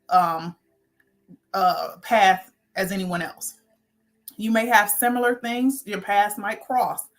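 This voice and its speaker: A woman hosting a spiritual talk show, speaking loosely, often correcting herself and laughing lightly at her slips. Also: mid-range voice. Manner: warm, rambling, self-correcting with little laughs. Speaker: host.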